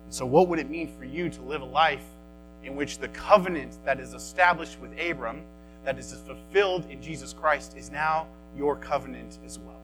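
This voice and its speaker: A man preaching a sermon and leading a prayer, earnest, swinging from soft, low phrases to loud, high emphasis. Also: moderate pace, over music, low-quality recording. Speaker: pastor.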